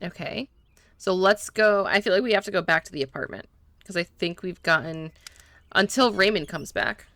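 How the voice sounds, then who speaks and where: A woman's voice: on the low side, moderate pace, a bit bright, dry recording. A woman streamer commenting casually to viewers while playing a game. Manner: chatty asides to viewers.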